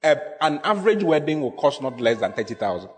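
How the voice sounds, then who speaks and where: A man preaching a sermon in a big church hall, his voice trailing off into a long echo. He speaks a little high for a man, hammering on key phrases and throwing questions at the congregation. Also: sing-song, fairly quick. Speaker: pastor.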